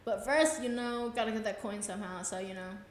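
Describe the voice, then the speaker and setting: A woman's voice: medium pitch, steady tone, brisk, a little hiss or hum. Chatty young woman in a roomy space. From Texas, USA. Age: 20s. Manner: chatty, acts out her own reactions with "I was like". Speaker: podcast host. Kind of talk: casual storytelling podcast.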